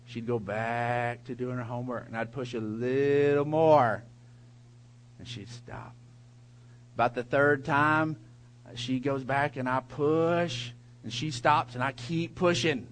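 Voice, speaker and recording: A middle-aged man preaching a sermon, telling a lively personal story before building to emphatic preaching. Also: medium pitch, slow, low-quality recording. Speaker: pastor.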